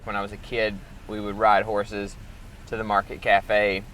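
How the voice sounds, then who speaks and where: A man's voice: on the low side, completely flat delivery, measured pace, a bit bright, a little hiss or hum. A young man from Arkansas talking about his art in a loose, rambling documentary interview, full of filler words. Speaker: performance artist.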